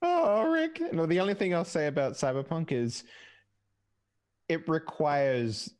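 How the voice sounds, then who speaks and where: A man's voice: on the high side, measured pace, darkish tone, clean tone. A man, a player in a tabletop game, chatting casually and animatedly, swearing freely and laughing often. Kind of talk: casual pre-game chat.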